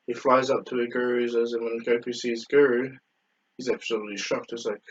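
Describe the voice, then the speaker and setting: A man's voice: medium pitch, flat delivery, brisk, breathy edge, muffled recording. A man casually retelling a fan story, rambling with many fillers and self-corrections.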